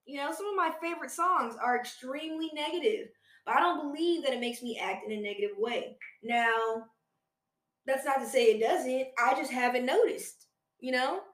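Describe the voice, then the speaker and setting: A woman's voice: high-pitched, moderate pace, fairly bright tone, reverberant. A woman podcast host chatting casually, rambling and correcting herself, with the odd swear word. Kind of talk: casual solo chat.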